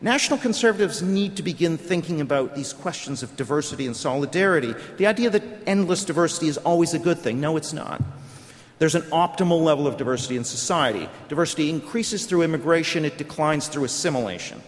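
A man's voice: a little high, animated, fast. A middle-aged man giving a prepared conference speech, arguing his case in a lecturing way with rhetorical questions. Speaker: conference speaker. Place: conference hall. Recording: long hall reverb.

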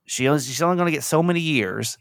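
A man's voice: on the high side, animated, fast talker, no room sound, studio quality. A man hosting a podcast, telling a rambling, emotional story in casual chat. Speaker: podcast host.

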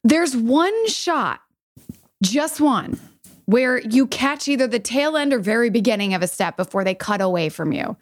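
A woman's voice: on the high side, expressive, normal speed. A woman co-hosting a casual podcast, effusive and enthusiastic, heaping praise on her co-host.

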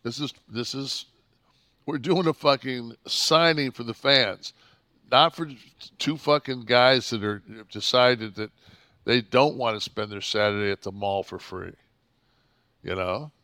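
An older man co-hosting a podcast tells rambling stories peppered with swearing, acting out the arguments he had. His voice sits at a middle pitch. The sound is dry and close to the mic. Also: measured pace, dry recording. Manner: swears constantly, acts out his own shouting in stories. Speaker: podcast co-host. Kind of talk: profane storytelling chat.

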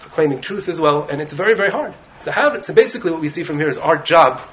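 A man with a slightly raised voice gives a lively Torah talk to students in a study hall, often checking in with them. The recording is muffled and lo-fi, with faint noise underneath. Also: on the high side, fast. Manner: animated, keeps checking in with "right?". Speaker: rabbi teaching in a yeshiva.

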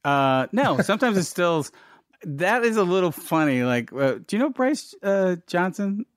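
A middle-aged man, a filmmaker guest, telling lively anecdotes in a casual interview and acting out quoted dialogue. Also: high-pitched, normal speed, clean tone, no room sound, studio quality.

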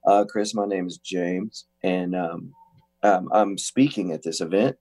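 A deep-voiced male preacher, put on by a man retelling a story, talks in a low, measured way, slowly and with halting fillers. The voice sits well below his own. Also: steady tone, darkish tone, soft background music. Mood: calm, inquiring.

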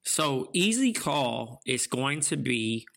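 A man's voice: mid-range voice, big pitch swings, slow, gravelly, fairly bright tone. A man co-hosting a podcast, joking loosely in slangy casual chat. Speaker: podcast co-host.

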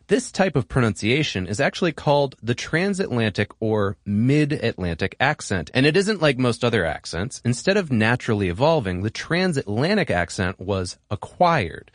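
An American man hosting an educational podcast, reading a scripted explainer with a lively, expressive delivery. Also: mid-range voice, no echo, studio quality. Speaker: podcast host.

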